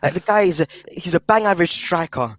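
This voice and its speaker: A man talking at a rapid clip in a slightly raised voice. He is emphatic and keeps hammering his points with "man" at the ends of sentences. He sounds like an online call mic on a casual football podcast. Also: sits high, animated, dry recording, rough recording. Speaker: podcast panelist.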